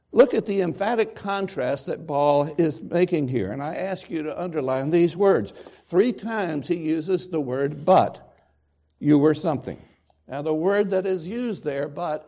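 A man preaches to his congregation in a slow, deliberate, emphatic way, leaning on dramatic pauses. His voice is gravelly and dark, and his pitch swings widely as he presses each point. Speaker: pastor. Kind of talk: sermon. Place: church sanctuary with congregation.

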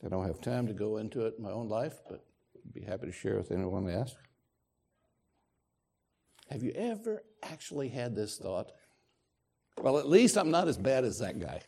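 Gravelly, lively slow-preaching man. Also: fairly low pitch. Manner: emphatic, slow and deliberate preaching with dramatic pauses. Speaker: pastor. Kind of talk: sermon. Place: church sanctuary with congregation.

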